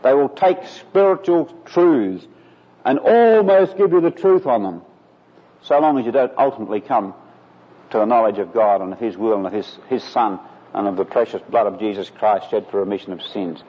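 A man's voice: lowish voice, moderate pace, husky. A man preaching a sermon in an earnest way, rising to emphatic peaks. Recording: lo-fi recording in a reverberant hall.

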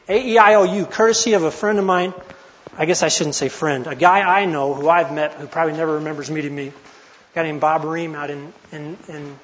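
A man's voice: on the high side, big-room sound, muffled recording. A man in his forties teaching a Bible study in an earnest, conversational way, often restarting his phrases. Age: 40s. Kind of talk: informal teaching talk.

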